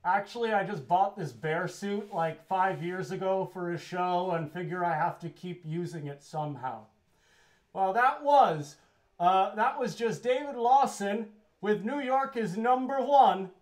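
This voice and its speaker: A man's voice: high voice, a little slow. A man hosting a live variety show casually, rambling with many fillers and poking fun at himself. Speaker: host.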